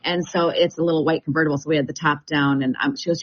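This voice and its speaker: A real estate agent appearing as a radio guest chats and tells stories, laughing often. Her low voice has fairly even intonation, she talks fast with hardly any pauses, and the broadcast sound is dull.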